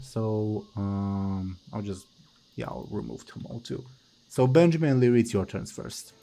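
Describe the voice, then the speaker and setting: A man narrating a tabletop game as game master, explaining rules step by step in a measured way. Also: fairly low pitch, lively intonation, vocal fry, mellow, faint music behind.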